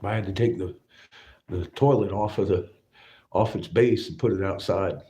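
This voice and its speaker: A man's voice: low-pitched, moderate pace, warm tone. A man chatting casually on a livestream from his glassblowing workshop. He laughs often, swears freely and rambles through stories.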